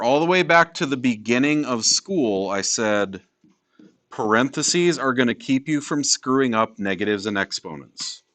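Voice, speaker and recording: A man teaching a high school math class in a classroom, lecturing with emphasis and repeating key points for his students. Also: fairly bright tone.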